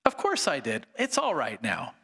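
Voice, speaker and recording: A serene male heavenly spirit who offers gentle, patient reassurance, as a man reading in a sermon puts him on. He sounds bright and speaks a little high. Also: huge pitch swings, normal speed, slightly rough, long reverb tail, exaggerated voice.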